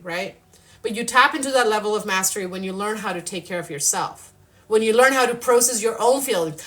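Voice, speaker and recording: A woman's voice: on the high side, fairly bright tone. A woman giving card-reading spiritual guidance live, emphatic and outspoken, leading affirmations and swearing freely. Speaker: spiritual channel and card reader.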